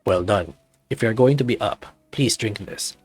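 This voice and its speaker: A man doing a soft-spoken, gentle werewolf healer. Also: lowish voice, normal speed, husky, faint music behind. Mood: reassuring. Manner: soft, reassuring, formal. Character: large gentle brown male werewolf, caring.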